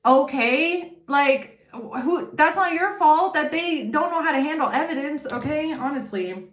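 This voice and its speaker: A woman's voice: sits high, lively intonation, measured pace, roomy sound, slight background noise. A woman giving a casual tarot reading monologue, blunt and profane, with indignant asides. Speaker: tarot reader.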